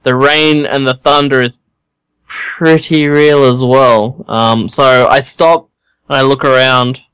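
A man's voice: medium pitch, little pitch movement, takes it slowly, fairly bright tone, clear, resonant tone, dry recording, low-quality recording. A man playing in a tabletop game, explaining his character's actions step by step in a casual way. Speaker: player. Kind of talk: casual tabletop role-play.

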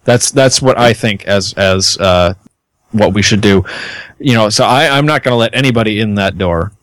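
A man's voice: lowish voice, moderate pace, a bit bright, dry recording. A man playing in a tabletop game, talking emphatically in bursts and restarting his sentences. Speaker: player. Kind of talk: casual tabletop role-play.

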